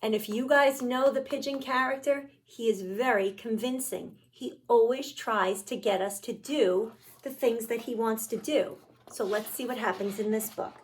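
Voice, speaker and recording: A woman teaching young children, explaining a craft and reading a picture book aloud, encouraging and talking straight to the kids. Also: on the high side. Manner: encouraging, speaks directly to kids, many "all right"s.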